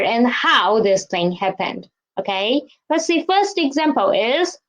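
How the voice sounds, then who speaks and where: A patient language teacher, a woman, speaks slowly in a fairly high voice. She repeats key phrases and keeps checking that learners follow. The recording sounds dull and lo-fi. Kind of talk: slow explanatory lesson.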